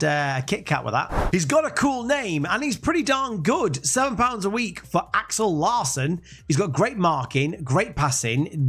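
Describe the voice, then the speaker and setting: Young gaming commentator, high and animated, rambling and jokey. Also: male voice, breathy edge. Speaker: gaming YouTuber. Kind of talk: let's-play commentary.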